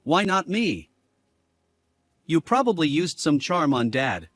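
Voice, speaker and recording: Male actor as selfish cheating husband; lively, higher voice, dry close recording. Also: slow, no room sound, faint music behind, heavily acted. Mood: angry. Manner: lively, swinging between angry and begging. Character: selfish unfaithful husband, pleading and blustering. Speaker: husband character. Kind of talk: dramatized story dialogue.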